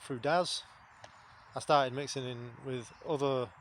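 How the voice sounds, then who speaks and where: A man's voice: medium pitch, steady tone, measured pace, a bit bright, a little hiss or hum. A man, talking to camera in a blunt, rambling, sweary monologue. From England. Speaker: vlogger. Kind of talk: casual spoken monologue.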